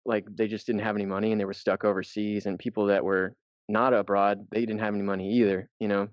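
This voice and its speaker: A man's voice: lowish voice, little pitch movement, fast talker, clear, resonant tone, dry recording. A man co-hosting a podcast. He tells a travel story in a loose, rambling way and swears casually. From United States. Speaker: podcast co-host. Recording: dull, dry lo-fi podcast audio.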